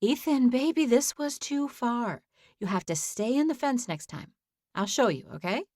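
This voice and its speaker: Brief: woman playing a doting, talkative grandmother; higher voice, dry studio read. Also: expressive, normal speed, a little mellow, dry recording. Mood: flustered. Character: kind, flustered grandmother, chatty and fussing.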